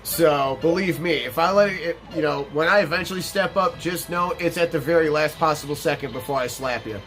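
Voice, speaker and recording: A young man telling a workplace story in a blunt, profane, animated way, acting out the quoted dialogue. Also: on the high side, a little fast. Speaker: gaming channel host telling a story. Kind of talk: casual storytelling over gameplay. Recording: voice over loud game music.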